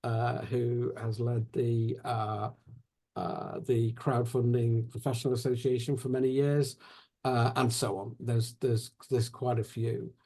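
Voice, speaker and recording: A male interview host who talks in a rambling way, circling round his point while he searches for words. His voice sits at an ordinary middle pitch, and he keeps a relaxed, conversational tone. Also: a little slow.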